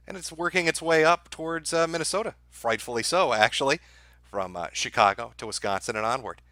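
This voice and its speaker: A middle-aged man hosting a live stream, his voice bright and forceful. He talks to his chat in a crude, mocking, deadpan way. The sound is dry and close on a desk mic. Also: medium pitch, no room sound. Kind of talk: sardonic live-stream commentary.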